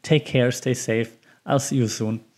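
A man's voice: medium pitch, steady tone, unhurried, a little mellow. A man hosting his own podcast, talking in a loose, chatty way full of ums and small laughs at himself. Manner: rambling and chatty with frequent ums. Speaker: podcast host. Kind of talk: casual solo podcast commentary.

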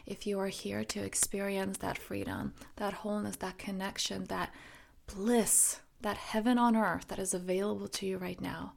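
A woman in her thirties hosting her own podcast, talking reflectively and softly, often dropping close to a whisper. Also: mid-range voice, little pitch movement, moderate pace, creaky. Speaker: podcast host and coach. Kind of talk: reflective solo podcast talk.

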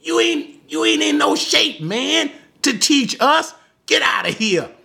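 A man's voice: extremely high pitch, very animated, a little slow, vocal fry, bright, forceful tone, voice pushed up, full character voice. A man voicing indignant male religious leaders who mock and talk down to someone with slangy put-downs. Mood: scornful.

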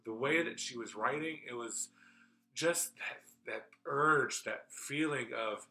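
A man with a very bright, forceful voice chats casually on a podcast. He tells stories in a rambling, animated way, full of fillers and swearing. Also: mid-range voice, slow pace, rough recording. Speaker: podcast co-host. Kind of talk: casual chat, storytelling.

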